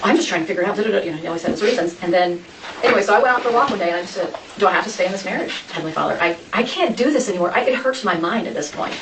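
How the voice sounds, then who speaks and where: In an interview, a woman with a mid-range, lively voice tells her personal story at a rapid-fire clip, rambling, restarting often and quoting conversations. She's a guest, recorded from a distance in an echoey room with faint noise.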